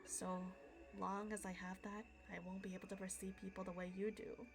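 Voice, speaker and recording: A woman reading aloud the lines of a calm, cold-hearted young man in a video game, in a measured, quietly mocking way. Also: medium pitch, music in the background, natural voice. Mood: confessional.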